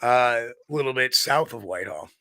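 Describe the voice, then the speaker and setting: A man's voice: medium pitch, lively intonation, moderate pace, crowd noise. A middle-aged man from New York State, a guest researcher explaining things in a rambling, self-correcting way during a casual interview.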